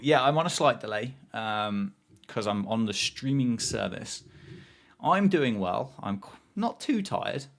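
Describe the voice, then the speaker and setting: A man, hosting a live cricket watchalong stream, chatting casually, reading out viewers' messages and reacting to the play. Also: medium pitch. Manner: chatty, reads chat aloud and reacts to play. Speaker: livestream host.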